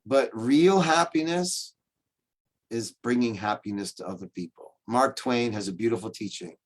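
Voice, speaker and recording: Guy on a zoom call giving a funny storytelling talk, mid pitch, cracks jokes as he goes. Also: moderate pace. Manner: joking, animated storyteller. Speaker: rabbi teaching over video call. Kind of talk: humorous storytelling lecture. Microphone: video call.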